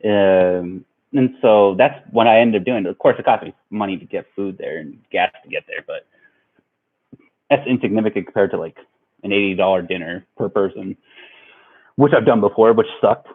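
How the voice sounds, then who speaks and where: Young male vlogger, low-ish pitch, relaxed rambling storyteller, thin phone-like audio. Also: moderate pace. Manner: rambling, laid-back, lots of fillers. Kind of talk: casual storytelling. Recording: tinny phone-like sound.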